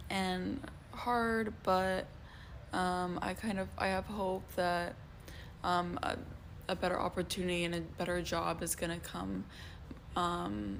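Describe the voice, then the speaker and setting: A woman talking in a casual vlog, hesitant and subdued, with many pauses and ums. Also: on the low side, creaky, slight background noise. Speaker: vlogger.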